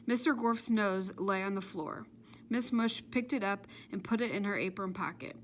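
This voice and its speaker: A woman narrating a children's chapter book with steady, measured storytelling. Her voice sits at a middle pitch, with a faint hiss behind it. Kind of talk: audiobook narration.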